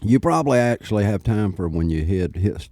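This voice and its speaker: A man's voice: lowish voice, lively intonation, fairly quick, darkish tone, no echo. A man co-hosting a podcast in casual chat, easygoing and joking. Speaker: podcast co-host.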